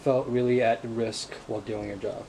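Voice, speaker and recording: Slow, mellow male interviewer. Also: mid-range voice, level tone, slight background noise, low-quality recording. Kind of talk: interview questions.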